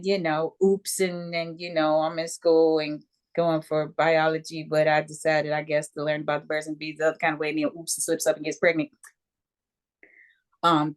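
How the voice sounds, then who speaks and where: An American woman in her fifties, a guest telling a personal story in an interview, acting out voices and often checking in with "okay?". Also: sits low. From United States. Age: 50s. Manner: animated storyteller who acts out voices and keeps checking in with "okay?". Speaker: guest, Reiki practitioner.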